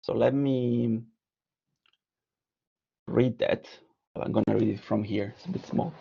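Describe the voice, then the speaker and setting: An Italian-accented man gives an art lecture, presenting slides and partly reading them aloud in a hesitant way full of fillers and restarts. His mid-range voice is husky with vocal fry, fairly even in intonation and slow, and the recording is muffled.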